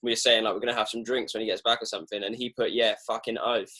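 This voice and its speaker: Animated young English man, casual swearing. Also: on the low side, racing. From England. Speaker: podcast host. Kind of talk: casual podcast chat.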